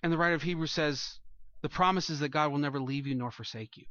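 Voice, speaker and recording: A man's voice: fairly high pitch, fast talker, a bit bright, no echo, muffled recording. A man preaching a sermon as pastor, earnest and rising to emphatic peaks, speaking to a congregation in a church room.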